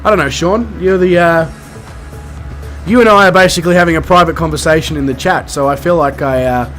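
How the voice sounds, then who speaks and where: A man's voice: on the high side, a little fast, fairly bright tone, faint music behind. A man with an Australian accent, streaming a flight game and chatting casually with his viewers in a rambling, self-mocking way. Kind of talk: casual chat with live viewers.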